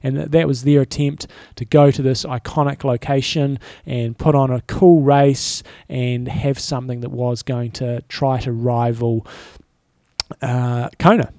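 A man co-hosting a casual podcast, rambling in a relaxed way with frequent restarts. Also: mid-range voice, measured pace, dry recording, studio quality. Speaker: podcast co-host. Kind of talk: casual chat.

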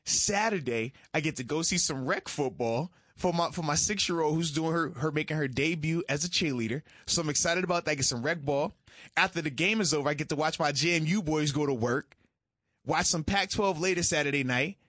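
Casting: man, excitable sports co-host, bright and a touch high, dry close sound. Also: brisk, no room sound. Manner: excitable, emphatic, says "man" a lot. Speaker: co-host, retired football player. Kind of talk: casual sports chat.

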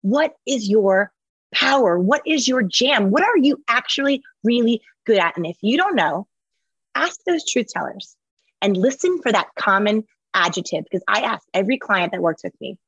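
A woman author and entrepreneur, speaking as an interview guest in an energetic, emphatic, motivational way. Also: mid-range voice, normal speed, husky, no room sound, dull audio. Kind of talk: conversational interview.

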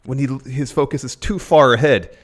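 A man's voice: medium pitch, fairly quick. A man co-hosting a casual wrestling podcast, musing aloud and rambling with restarts. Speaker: podcast co-host.

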